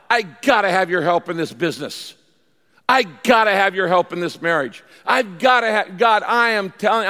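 A man preaching a sermon as a pastor, storytelling with animated delivery and acting out pleading voices. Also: a little high. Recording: large hall with long reverb.

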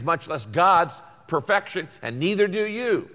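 Older male pastor, bright voice, folksy sermon delivery. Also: high-pitched, animated, moderate pace, few pauses, in a large hall. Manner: folksy storytelling, emphatic repetition.

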